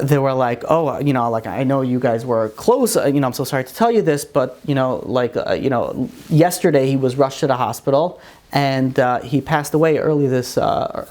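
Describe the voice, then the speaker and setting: A man, a rabbi, telling a long story in a sermon, animated and full of fillers. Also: on the high side.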